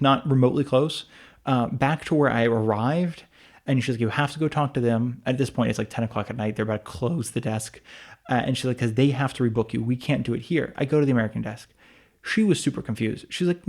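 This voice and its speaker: Fast-talking man telling a rambling story. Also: medium pitch, darkish tone. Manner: rambling storytelling with many restarts and asides. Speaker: podcast co-host. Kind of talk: casual chat.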